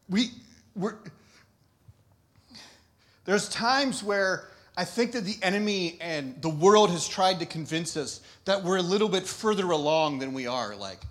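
Guy with a high voice preaching, chatty and laughy, keeps restarting sentences. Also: lively intonation, unhurried, long pauses, fairly bright tone. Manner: conversational, laughs often, restarts mid-thought. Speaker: pastor. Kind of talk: sermon.

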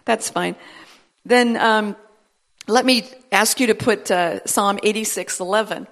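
A woman preaching a sermon in a church service, animated and building to emphatic declarations. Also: medium pitch, unhurried.

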